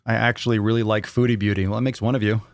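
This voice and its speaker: A man with an American accent chats loosely through a live Q&A, restarting sentences and tossing jokes at his audience. His voice sits a bit low, recorded close and dry with no room sound. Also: little pitch movement, very fast, dry recording. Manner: rambling, repeats himself, joking banter with chat. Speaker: livestream host. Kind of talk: casual live Q&A chat.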